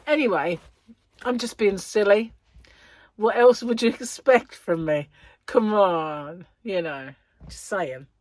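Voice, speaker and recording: A woman's voice: mid-range voice, slow, a little mellow, no echo. A woman hosting a casual vlog, chatty and rambling, laughing at her own jokes, with a slightly stuffy nose. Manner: chatty, rambling, self-mocking, laughs often. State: stuffy nose, about to sneeze. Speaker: crochet vlogger, host. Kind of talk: casual chat to camera.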